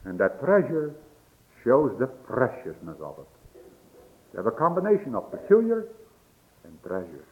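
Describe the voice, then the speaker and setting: A man's voice: mid-range voice, wildly swooping pitch, moderate pace, long pauses. A man preaching a sermon as pastor, building to emphatic peaks with homely grammar slips. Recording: dull lo-fi recording.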